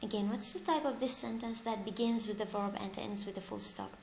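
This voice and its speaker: A woman's voice: mid-range voice, a little fast, a little hiss or hum. A woman teaching English grammar, asking her class questions and answering them herself as she explains each example. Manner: lively, stresses examples with rising emphasis. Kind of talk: slow, deliberate classroom explanation. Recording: echoey room.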